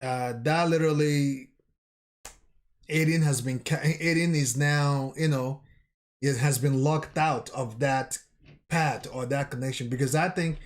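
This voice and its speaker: A man vlogger recapping a manga chapter in a casual way, telling the scenes with pauses and correcting himself as he goes. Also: medium pitch, fairly even intonation. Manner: recounts scenes haltingly, with pauses and self-corrections.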